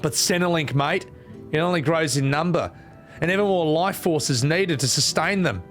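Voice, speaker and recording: A man's voice: a little high, moderate pace, a bit bright, faint music behind, voice pushed up, natural voice. A man putting on a grandiose queen with a bogan Australian accent. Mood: mock-solemn. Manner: mock-solemn, swears mid-speech. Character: gentle young queen turned cold ruler.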